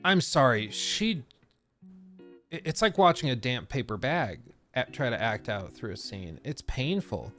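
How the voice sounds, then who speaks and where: A man's voice: medium pitch, big pitch swings, a little slow, a bit bright, soft background music. A man hosting a casual live stream from his basement desk, ranting sarcastically and mocking what others say in quoted voices. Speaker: livestream host.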